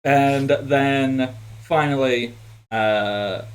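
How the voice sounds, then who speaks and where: A man's voice: medium pitch, very slow. A man narrating a tabletop game as game master, in a casual, rambling way with frequent fillers.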